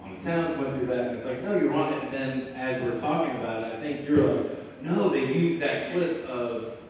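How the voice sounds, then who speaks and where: A man's voice: mid-range voice, moderate pace, darkish tone, a little hiss or hum. A man chatting loosely on a panel at a live Q&A, trailing off mid-sentence. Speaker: paranormal investigator on a panel. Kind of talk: casual chat at a live Q&A. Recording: echoey hall, voice from far off.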